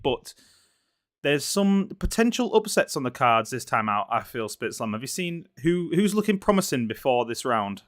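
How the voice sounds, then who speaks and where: A man's voice: mid-range voice, a bit bright. A man with a Yorkshire accent commentating a sim racing league, chatty and joking. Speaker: race commentator. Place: commentary box.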